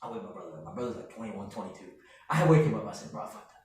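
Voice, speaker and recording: A man in his late twenties telling a story in a casual podcast chat, animated and laughing as he goes. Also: lowish voice, racing, a little hiss or hum. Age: late 20s. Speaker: podcast co-host. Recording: very echoey room, mic at a distance.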